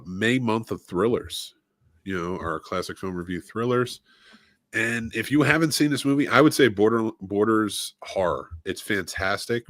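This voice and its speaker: A man's voice: on the low side, a bit bright, dry recording, clean studio sound. A man co-hosting a film podcast in casual chat, enthusiastic and stopping often for "uh". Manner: enthusiastic, listy, many "uh" fillers. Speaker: podcast co-host.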